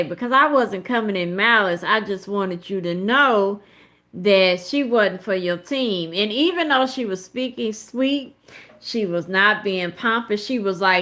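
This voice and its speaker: A woman's voice: mid-range voice, measured pace, a bit bright. A woman in her thirties giving blunt, emphatic live commentary with plenty of profanity. She talks straight to her viewers in a casual, conversational way. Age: 30s. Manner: conversational, addresses viewers directly. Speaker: host of a live commentary show.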